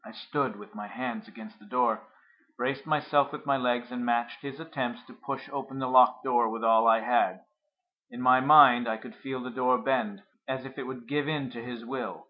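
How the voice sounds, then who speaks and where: A man narrating a first-person story in a measured, reflective way. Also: mid-range voice, narrow, tinny audio.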